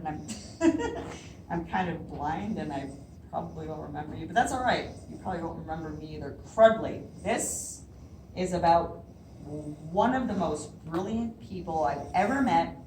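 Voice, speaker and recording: A woman's voice: low-pitched, normal speed, darkish tone, a little hiss or hum. A woman poet reading her own poems aloud at a library event, nervous and laughing often between lines. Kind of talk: live poetry reading. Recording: roomy hall, voice from a distance.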